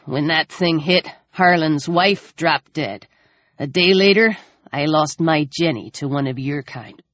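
A man's voice: on the high side, measured pace, fairly bright tone, no room sound. A woman voicing a weary, conflicted older man who speaks in a subdued, hesitant way. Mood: uneasy.

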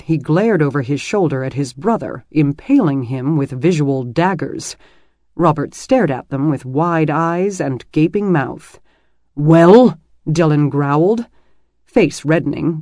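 Guy reading a romance audiobook, mellow warm voice, dry close sound. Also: fairly high pitch, measured pace, no room sound. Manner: steady, expressive reading. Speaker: audiobook narrator. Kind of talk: scripted narration of a romance novel.

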